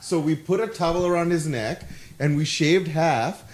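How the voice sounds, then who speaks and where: A man with a slightly raised pitch, chatting on a casual podcast. He rambles through stories, padding them with fillers and curses. He sounds loose and unscripted. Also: moderate pace. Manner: rambling anecdotes, lots of filler and swearing. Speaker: podcast co-host. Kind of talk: casual chat.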